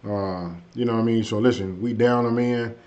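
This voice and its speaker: A man hosting a casual live stream, chatting loosely with viewers and saying his energy is low tonight. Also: vocal fry, darkish tone. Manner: loose and conversational, frequent "hey" and "you know what I mean". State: a bit under the weather, low energy. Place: at home. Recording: dull lo-fi stream audio.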